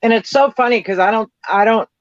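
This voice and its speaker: Brief: woman with a Boston accent, high voice, blunt casual talker, muffled dry sound. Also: fairly quick, dry recording. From New Hampshire. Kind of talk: casual chat.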